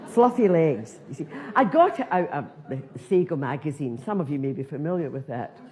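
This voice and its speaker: A woman's voice: sits low, fairly quick, a faint crowd. An older Scottish woman, a comedian telling a self-mocking story in a chatty stand-up style. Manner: conversational, self-mocking, lively.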